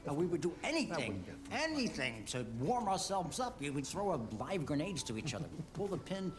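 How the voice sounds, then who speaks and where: A man's voice: on the high side, big pitch swings, a little fast. An actor playing a boastful male war veteran telling crude stories in a boisterous way. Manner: boisterous, laughing storyteller.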